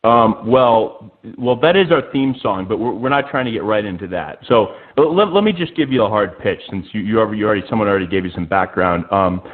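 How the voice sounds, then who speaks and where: A man calling into a radio show, making a hesitant, salesy pitch. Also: lively intonation, fairly quick, few pauses. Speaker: caller. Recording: tinny phone line.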